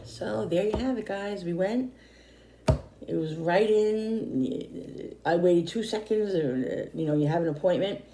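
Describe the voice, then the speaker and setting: A middle-aged woman talks to her viewers in a loose, rambling way, circling back over the same points. Her voice is low, mellow and a little hoarse, and she sounds tired. The sound is echoey, as if she is recording in a bare room. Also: unhurried, a little hiss or hum. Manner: rambling, repeating herself. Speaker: vlogger. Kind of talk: casual chat to camera.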